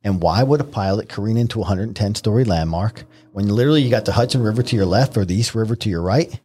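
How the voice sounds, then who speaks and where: A middle-aged man from New York, a podcast guest, telling stories in a vivid, animated way. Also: fairly low pitch, quick pace, slight background noise. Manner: vivid, animated retelling with acted-out quotes. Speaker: guest, retired Marine helicopter pilot. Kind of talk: conversational storytelling.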